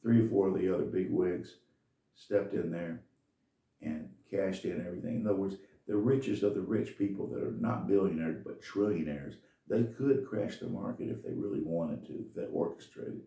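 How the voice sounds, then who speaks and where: A man's voice: deep voice, normal speed, gravelly, mellow, roomy sound, far from the mic. A man telling a folksy, rambling story in a casual monologue.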